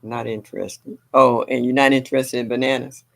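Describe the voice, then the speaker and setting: A woman's voice: rumbling low, steady tone, brisk, vocal fry. An older woman hosting a gardening livestream, chatting casually and reading viewer comments aloud. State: a little sore.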